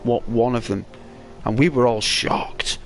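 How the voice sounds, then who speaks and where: A man casually telling a rambling, halting story while commenting on a video game. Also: mid-range voice, slight background noise. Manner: rambling, halting, excitable when retelling. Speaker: gaming commentator. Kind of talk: casual storytelling over gameplay.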